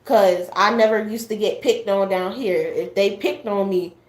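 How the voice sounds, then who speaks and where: A woman's voice: mid-range voice, steady tone, moderate pace. A young adult woman telling a personal story in casual chat. She rambles with many fillers and acts out what her family said. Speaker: guest sharing a personal story. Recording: echoey room.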